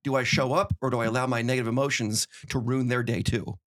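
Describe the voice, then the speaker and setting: Fast-talking animated middle-aged man. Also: medium pitch. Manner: fast, animated storytelling with acted-out quotes. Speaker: podcast guest, winery owner. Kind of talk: casual conversation, storytelling.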